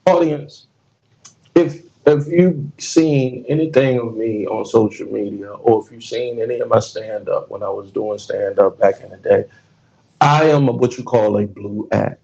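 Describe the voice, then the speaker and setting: Gravelly-voiced man telling profane stories. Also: lowish voice, measured pace, warm tone, muffled recording. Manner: storytelling, profane, laughs often. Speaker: podcast host. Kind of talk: casual podcast chat.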